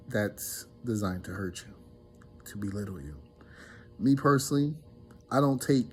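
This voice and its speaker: A man's voice: on the low side, warm tone, a little hiss or hum. A man casually telling a story to his viewers, rambling and earnest, with many restarts. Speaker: relationship vlogger.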